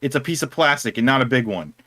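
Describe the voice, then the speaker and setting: A man's voice: mid-range voice, animated, fast, a bit bright, no echo. A man co-hosting a casual chat, telling a rambling story and laughing through it. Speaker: co-host of a discussion stream.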